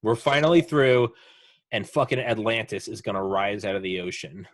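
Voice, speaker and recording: Animated, sarcastic man on a podcast. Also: lowish voice, moderate pace, no echo. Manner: animated, swearing, sarcastic riffs. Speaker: podcast host. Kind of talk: casual chat.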